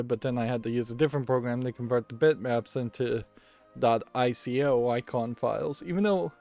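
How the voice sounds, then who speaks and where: A man's voice: mid-range voice, mellow. A man giving casual commentary while playing a card game, rambling and thinking aloud and often correcting himself. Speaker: let's play host.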